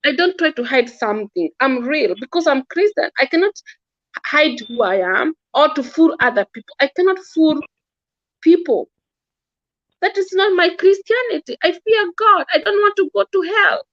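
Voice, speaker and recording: A woman's voice: sits high, lively intonation, moderate pace, fairly bright tone, no room sound, muffled recording. A woman giving impassioned religious-political commentary, earnest and scolding, often repeating and stumbling over words. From Kenya.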